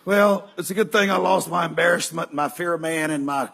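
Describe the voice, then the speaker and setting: An older man preaching, telling stories in an animated way that breaks into shouts and laughter. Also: fairly high pitch, fairly quick, vocal fry, slightly rough. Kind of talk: sermon storytelling.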